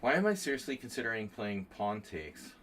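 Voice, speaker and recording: Chatty male chess streamer, low voice. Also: big pitch swings, brisk, fairly bright tone, a little hiss or hum. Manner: chatty, thinking aloud, jokey asides to chat. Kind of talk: casual live-stream commentary.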